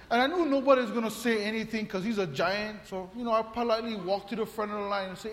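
A pastor tells a comic story during a sermon in a church hall, acting out voices and laughing often. His high-pitched voice runs a little fast, and the recording carries the long reverb of a large hall.

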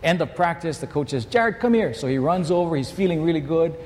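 A pastor preaches a sermon in church, sharing a personal story in a conversational yet emphatic style that swings between loud and hushed. His voice sits on the high side and moves fast, with a long reverb tail trailing behind.

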